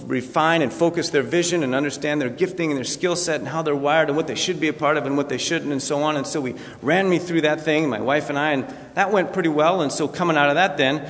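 A man's voice: fairly high pitch, in a large hall. A man preaching a sermon in a conversational way, acting out scripture with asides. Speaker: pastor.

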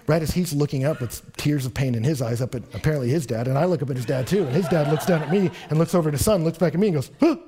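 A young man preaching a sermon from Texas, telling stories in an animated way and closing in prayer. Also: on the high side, very fast, few pauses, a crowd in the background. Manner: animated storytelling, rising and louder in anecdotes.

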